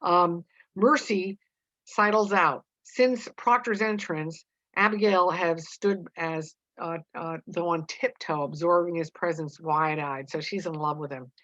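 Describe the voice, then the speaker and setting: A woman teaches a play to homeschoolers, reading it aloud and explaining in plain words with frequent fillers. Her voice is low for a woman. The recording is dull and dry, with no room sound. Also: unhurried, fairly bright tone, dry recording. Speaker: literature teacher.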